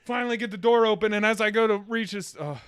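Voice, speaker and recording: A man's voice: high-pitched, fast, clean tone. A young man, a podcast co-host, telling a funny story in casual chat, laughing and acting out voices. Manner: animated, laughing storyteller acting out a kid's screams.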